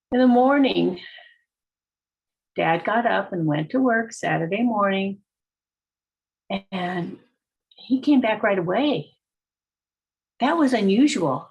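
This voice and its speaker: An older woman telling a childhood story aloud at a storytelling gathering, lively and exclaiming in sudden high bursts. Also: creaky, husky, muffled recording. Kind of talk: live oral storytelling.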